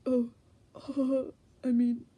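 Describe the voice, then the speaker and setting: A woman voicing a lazy, flirty male skeleton with a gruff voice in a comedic fanfic reading. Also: sits high, completely flat delivery, dark tone, full character voice. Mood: lazy flirting. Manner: slow lazy drawl.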